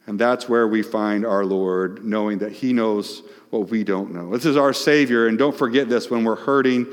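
A man's voice: mid-range voice, steady tone, moderate pace. Male pastor, sermon, mid-range voice, emphatic, audience questions, long reverb. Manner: questions the audience, emphatic, swings between loud and hushed.

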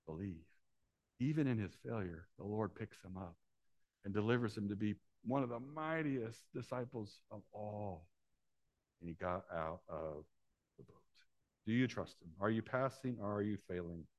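A man preaching a sermon as pastor, rising to loud animated storytelling and dropping to soft hushed appeals. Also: fairly low pitch, moderate pace, no echo.

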